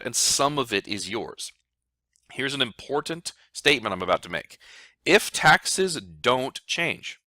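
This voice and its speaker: Emphatic, animated male financial explainer. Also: on the low side, no room sound. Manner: energetic and emphatic, repeats key numbers. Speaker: financial advisor and show host. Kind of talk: educational explainer video.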